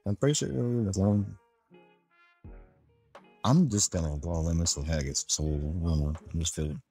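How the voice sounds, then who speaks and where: A man on a casual podcast, guessing at quiz answers in a low, unsure mumble. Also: normal speed, dark tone, slightly rough, soft background music. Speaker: podcast co-host, quiz contestant. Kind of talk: casual chat.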